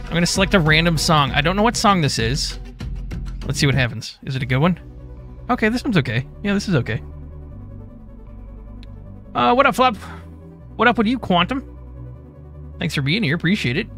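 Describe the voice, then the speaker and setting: A man's voice: fairly high pitch, fairly quick, long pauses, soft background music. Laid-back male streamer reading chat. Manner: reads chat names in a relaxed drawl. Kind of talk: casual live-stream chat.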